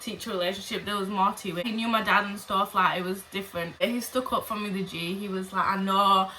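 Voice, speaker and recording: A woman's voice: medium pitch, fast, a little hiss or hum, low-quality recording. A young woman telling a story from her school days as a casual storytime vlog, blunt and full of swearing. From England. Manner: animated, profane and blunt. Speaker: vlogger.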